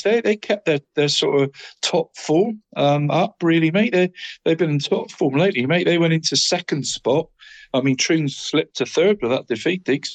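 A man with a somewhat high voice talks through the weekend's local football results on a podcast. He keeps it loose and chatty, tags "mate" onto nearly every line and trips over his words as he goes. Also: poor audio. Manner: stumbles and restarts a lot.

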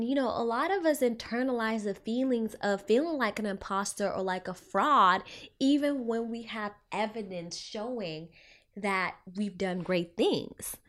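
A young woman clinician talks straight to her viewers and retells a personal story. Her voice sits in a middle pitch, and it leaps up and drops back as she reacts to her own story. She keeps the talk loose and chatty, with plenty of "you know" and "like". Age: young adult. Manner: animated, swinging pitch, filler-heavy retelling. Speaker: child trauma clinician.

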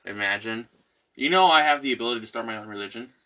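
A man in casual chat, telling stories with lively voiced-out quotes. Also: medium pitch, quick pace. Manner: animated storyteller acting out quotes. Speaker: co-host.

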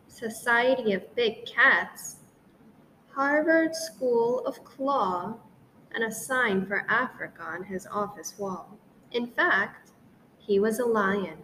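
A woman reads a children's story aloud, playful and expressive. She takes her time, with a fairly high voice. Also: slight background noise.

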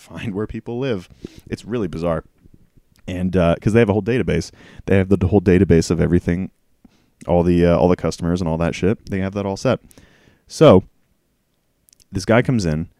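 A man's voice: sits low, mellow, dry recording, clean studio sound. A man telling a work story from his time as a store clerk, in a casual, profane, exasperated storytime rant that rambles along.

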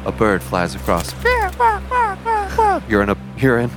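A man voicing a posh British male hypnotist with a put-on British accent, talking in slow, rambling trance patter. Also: on the low side, over music, close to an everyday voice. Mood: soothing.

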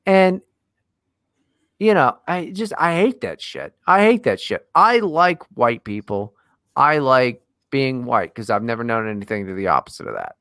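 A man's voice: medium pitch, sing-song, a little slow, bright, forceful tone, no echo, studio quality. A man co-hosting a podcast, ranting in a casual, profane and exasperated way. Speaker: podcast co-host.

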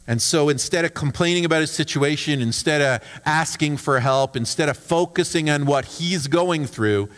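A male pastor gives a relaxed, talky sermon with a fairly high voice. He speaks plainly, doubling up his words as he goes. The sound rings out with a long reverb tail, as in a large hall. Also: normal speed, hardly any pauses. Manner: casual and chatty, often restarts words. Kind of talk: conversational sermon.

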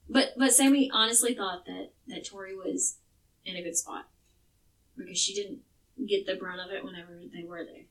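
A woman's voice: medium pitch, normal speed, fairly bright tone, recorded from a distance, low-quality recording. A woman co-hosting a podcast, telling a true crime case in a casual, chatty way with some swearing. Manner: chatty, swearing, restarts words.

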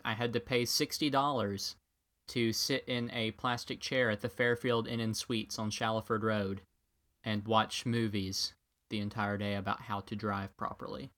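A man's voice: medium pitch, sharp tone. A young man co-hosting a podcast, telling a story in a wry, joking way and acting out what people said. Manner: wry, joking storyteller who acts out quotes. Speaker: podcast co-host. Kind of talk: casual storytelling chat.

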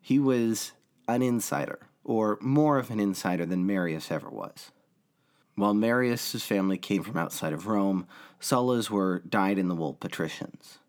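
A man hosting a history podcast, narrating from a script in a deep voice worn by a cold, with a measured, steady delivery. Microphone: home recording edited in a laptop audio program.

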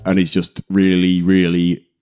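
A man's voice: sits low, unhurried, soft background music. Man chatting on a comedy podcast. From Britain. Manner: laughs a lot, animated storytelling with put-on character voices. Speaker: podcast co-host. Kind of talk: casual comedy podcast chat.

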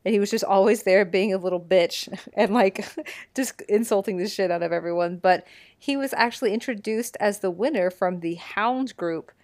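A woman's voice: medium pitch, normal speed, darkish tone, no echo, studio quality. A young woman co-hosting a casual podcast, laughing often and swearing freely. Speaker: podcast co-host. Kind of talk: casual chat.

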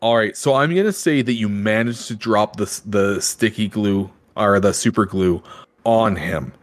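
A man's voice: lowish voice, normal speed. A man narrating a comedic tabletop game as game master, describing action scenes playfully.

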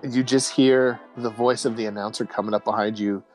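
A man's voice: medium pitch, a little fast, soft background music. Laid-back man narrating as game master. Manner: relaxed, descriptive, chuckling, many fillers.

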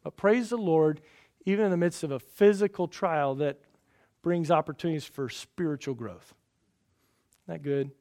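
A middle-aged man preaching a sermon as pastor, telling folksy stories and swinging between loud emphasis and quiet asides. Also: fairly high pitch, moderate pace, long pauses.

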